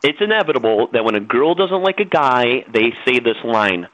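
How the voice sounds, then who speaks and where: A man's voice: medium pitch, big pitch swings, normal speed, fairly bright tone, low-quality recording. A middle-aged man, a guest on a radio talk show, lecturing in a preachy, insistent way.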